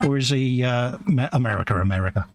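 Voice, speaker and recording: A man's voice: mid-range voice, quick pace, no room sound. A man co-hosting a casual live stream, reading out viewer comments and greeting them by name. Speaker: co-host of a live modelling stream.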